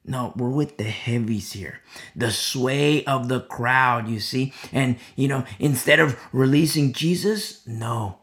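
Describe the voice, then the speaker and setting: A man's voice: medium pitch, takes it slowly, a bit bright. A man giving a conversational verse-by-verse sermon as a Bible teacher. He is emphatic, repeats key phrases and drops many "you know" asides.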